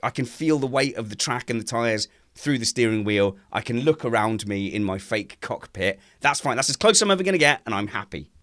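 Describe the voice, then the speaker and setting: Male co-host, animated and teasing, very expressive. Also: mid-range voice, fairly quick, few pauses, dry recording, studio quality. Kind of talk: casual podcast chat.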